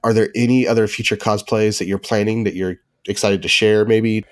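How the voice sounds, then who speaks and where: A man interviewing a guest in a relaxed, casual way, asking questions and laughing along. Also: lowish voice, a little fast, no echo, clean studio sound.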